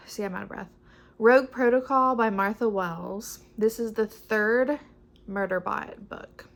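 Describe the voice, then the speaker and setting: A woman's voice: mid-range voice, unhurried, creaky, a bit bright. A young woman chatting casually about her books, upbeat and rambling, often restarting her sentences. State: pregnant. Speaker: book vlogger. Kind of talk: casual chat.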